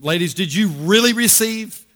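A man's voice: high voice, animated, normal speed, fairly bright tone. A middle-aged male pastor preaching a conversational sermon, repeating words for emphasis and drawing out key phrases. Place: large church hall. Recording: long hall reverb.

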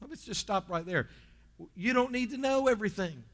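A male pastor preaching a lively sermon, dropping low and quiet for stories and rising loud to exhort the church. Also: normal speed, in a large hall. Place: church sanctuary.

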